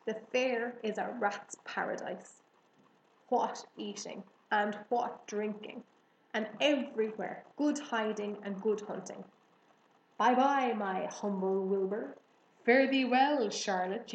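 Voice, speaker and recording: A woman's voice: medium pitch, slight background noise, lightly acted. A woman voicing a selfish, greedy male rat with a sneering, boastful manner. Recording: roomy echo.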